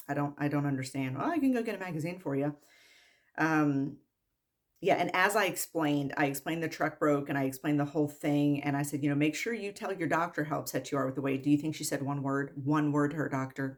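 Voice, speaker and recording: A woman medical worker ranting in a vlog monologue, exasperated, repeating herself and rattling off quick lists. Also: sits low. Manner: exasperated, repetitive, rapid-fire lists.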